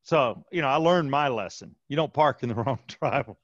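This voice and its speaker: A man's voice: medium pitch, lively intonation, fairly quick, dry recording, lo-fi sound. An older man hosting a casual podcast, laid back and chiming in with short agreements. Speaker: podcast host. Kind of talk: casual chat.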